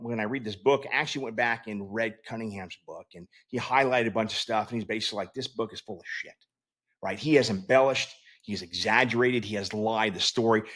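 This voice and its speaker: A man's voice: medium pitch, fairly bright tone. A middle-aged man, a Navy veteran hosting his own show, tells a story in a casual, rambling way, with lots of fillers, restarts and swearing.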